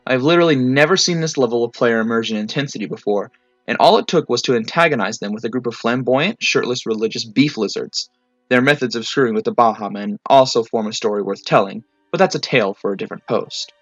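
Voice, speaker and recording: A man reading tabletop game stories aloud in a clipped, matter-of-fact, deadpan way. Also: medium pitch, fast talker, no echo. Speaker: narrator reading fan stories. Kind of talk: storytelling reading. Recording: slightly muffled, faint music.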